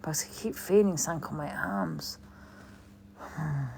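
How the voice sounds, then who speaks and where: A woman's voice: deep voice, very animated, measured pace, darkish tone, a little hiss or hum. A woman hosting a livestream in rambling, sweary casual chat. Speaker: livestream host.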